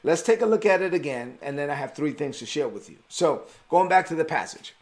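A man from Brooklyn preaching a devotional sermon in an emphatic, animated way, repeating his key points. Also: fairly high pitch, fairly quick. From Brooklyn, New York.

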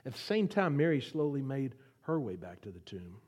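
A man delivering a sermon as a guest pastor, swinging from loud pleas to hushed whispers and asking the congregation to repeat lines. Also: mid-range voice, very animated, moderate pace, breathy edge. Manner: asks the audience to repeat lines.

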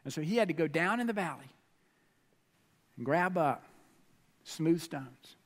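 A man preaching a sermon, telling a story with animated delivery and frequent questions to the congregation. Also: fairly high pitch, a little slow, in a large hall. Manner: animated storytelling, asks the audience questions, swings pace and volume.

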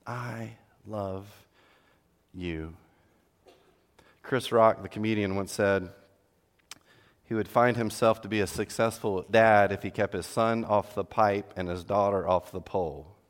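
A middle-aged man preaching an earnest sermon to fathers, swinging between loud emphasis and hushed, tender lines. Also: fairly low pitch, fairly even intonation, normal speed. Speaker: pastor. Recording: long hall reverb.

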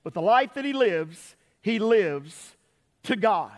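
A man's voice: sits high, lively intonation, slow pace. A man preaching a sermon as pastor, folksy and storytelling. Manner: folksy, storytelling with quoted voices. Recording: long hall reverb.

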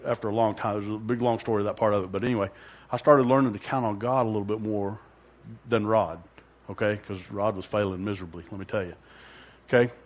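A man's voice: fairly low pitch, fairly even intonation, quick pace. A man giving a rambling, self-deprecating personal testimony at church, laughing now and then and acting out his own thoughts.

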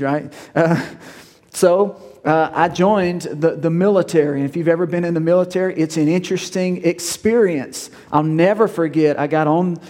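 A man's voice: fairly high pitch, a little mellow, long reverb tail. A male pastor, preaching a sermon in a folksy, conversational storytelling way.

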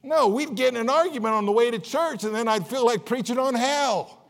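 A man preaching a sermon as pastor, folksy and jokey, with big swings between quiet asides and louder, higher bursts. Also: a little fast. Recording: long reverb of a large hall.

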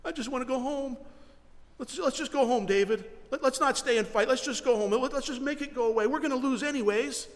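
A man's voice: extremely high pitch, fairly quick, long reverb tail, pitched above the performer's own voice. A man voicing a frightened, whiny soldier who begs to go home. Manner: whiny, pleading.

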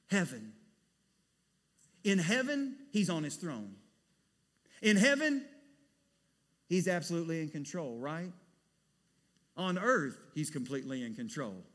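Pastor preaching, high bright voice, big churchy reverb, goes quiet then loud. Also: male voice. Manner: animated preacher, swings from hushed to loud. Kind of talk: sermon. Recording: long hall reverb.

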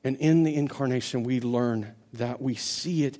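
A man preaching a sermon as pastor, building to loud, impassioned stretches and often repeating words as he restarts. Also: mid-range voice, normal speed, hardly any pauses. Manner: impassioned preaching that builds to near-shouting climaxes.

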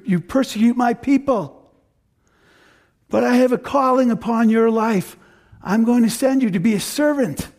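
A man preaching as Jesus speaking to Paul, slow and declaring, lifting his voice. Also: dark tone, heavily acted. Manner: slow, declaring, raised pitch. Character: risen Jesus, man, commanding and tender.

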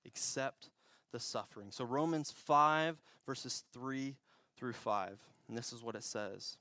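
A man's voice: mid-range voice, takes it slowly, sharp tone, dry recording, studio quality. A young man preaching a conversational sermon, telling a personal story with frequent laughs and self-corrections. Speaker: pastor. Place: church.

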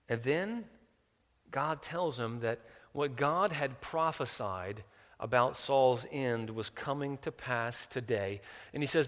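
A man preaching a sermon. He drops low and quiet, then climbs loud and high for emphasis, often repeating words as he restarts. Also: unhurried. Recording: long reverb, large hall.

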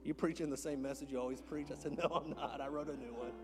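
A man preaching a sermon as a pastor in a church, moving between hushed whispers and loud, impassioned calls. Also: mid-range voice, fairly even intonation, fast talker, music in the background. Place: church sanctuary.

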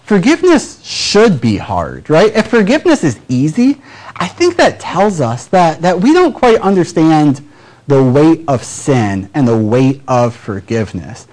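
A man with a Midwestern American accent delivers a sermon in a relaxed, conversational way. His pitch swings widely as he plays out small everyday exchanges between people. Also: rough recording. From Michigan, US Midwest. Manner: conversational, lively, acts out little dialogues. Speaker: pastor.

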